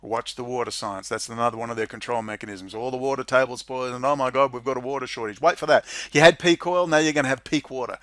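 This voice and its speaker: A man reading out a policy document and ranting about it in sarcastic commentary, often breaking into mocking, high-pitched laughter. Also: quick pace, a bit bright, no echo, studio quality. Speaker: political commentary vlogger.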